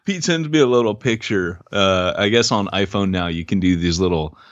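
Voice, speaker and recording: A man co-hosting a podcast in casual chat, animated and joking, often correcting himself. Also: deep voice, moderate pace, no echo, muffled recording. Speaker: podcast co-host.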